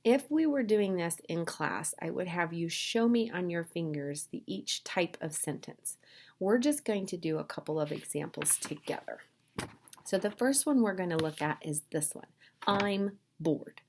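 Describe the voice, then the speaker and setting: A woman teaches English to language learners in a clear, upbeat classroom manner. Her voice sits a little low, and she reads example sentences aloud with lively expression. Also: normal speed.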